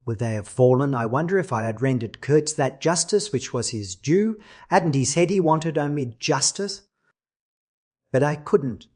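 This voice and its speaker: A man reading a classic novel as an audiobook narrator in a measured, dramatic way. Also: mid-range voice, lively intonation, darkish tone.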